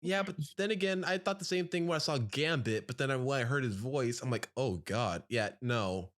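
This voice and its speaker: Podcast co-host, man from Louisiana. Casual, animated and teasing, with a slightly high voice. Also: a little fast. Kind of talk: casual chat.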